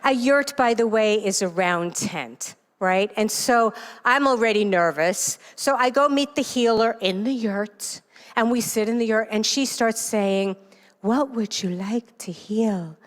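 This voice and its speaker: A woman from New York City giving an inspirational talk to a congregation as a self-help author, telling stories with animated, self-deprecating humor. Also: fairly high pitch, unhurried. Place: church sanctuary. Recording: long reverb of a large hall.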